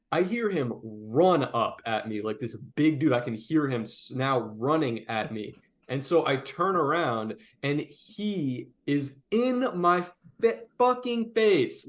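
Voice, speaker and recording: Young male podcast co-host, lively and swearing, casual anecdote delivery. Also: medium pitch. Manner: animated, profane, frequent "like" fillers. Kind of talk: casual storytelling chat.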